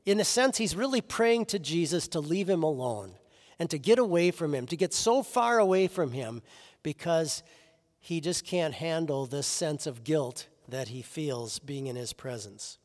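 A man preaching a sermon as pastor, earnest, often restarting his phrases and letting his voice drop softly at the ends of lines. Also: fairly high pitch, expressive, a little slow, big-room sound.

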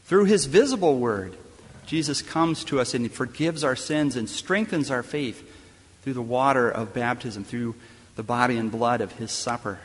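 A man delivers a sermon in a chapel, pausing deliberately between rhetorical questions. His voice sits in an ordinary middle pitch. The long reverb of the room trails after each phrase. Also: breathy edge. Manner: measured, emphatic preaching with deliberate pauses and rhetorical questions. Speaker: chaplain preaching in a school chapel. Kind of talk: sermon and closing prayer.

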